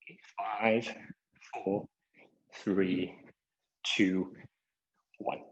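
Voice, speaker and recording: A man's voice: deep voice, flat delivery, drawn-out words, dull audio. A man instructing a live online exercise class, a little out of breath, opening nearly every cue with "okay" and counting down the seconds. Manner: begins most cues with "okay", counts down seconds. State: somewhat out of breath. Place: home via video call. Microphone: video call microphone.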